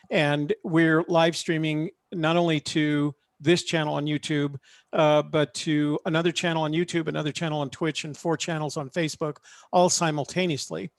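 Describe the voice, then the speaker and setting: A man on a video call making a sales pitch in a halting way, full of fillers. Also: dry recording, clean studio sound. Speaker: panel attendee offering live-stream production. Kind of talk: casual online panel chat. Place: home studio.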